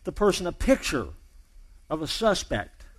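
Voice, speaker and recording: Pastor, male, a touch higher-pitched than most, relaxed storyteller who restarts phrases often. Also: moderate pace. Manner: conversational storyteller, loose and chatty with repeated restarts. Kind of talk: sermon opening with a told joke.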